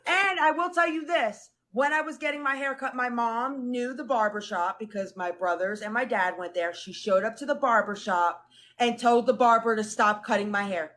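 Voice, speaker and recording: A young woman in casual chat, telling family stories with lively acted-out quotes. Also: fairly high pitch, moderate pace, slight background noise. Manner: animated, acts out family quotes. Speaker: guest.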